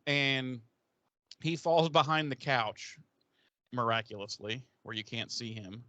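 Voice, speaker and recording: A man co-hosting a podcast, casually recapping an episode with crude jokes and quick impressions of the characters. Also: mid-range voice, pushed and bright, dry recording, lo-fi sound. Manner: profane, joking, acts out characters' lines. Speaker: podcast co-host.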